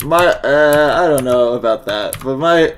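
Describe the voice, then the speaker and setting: Slow, laid-back man in casual chat. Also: medium pitch, expressive, fairly bright tone, slight background noise. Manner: laid-back, mostly brief agreeing replies. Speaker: podcast co-host.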